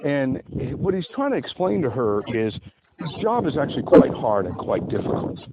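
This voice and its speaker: A man's voice: mid-range voice, big pitch swings, normal speed. A man reading and explaining his own dating-advice book, rambling in a chatty way with many asides. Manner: chatty, digressive, lots of asides. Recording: tinny phone-like sound, faint hiss.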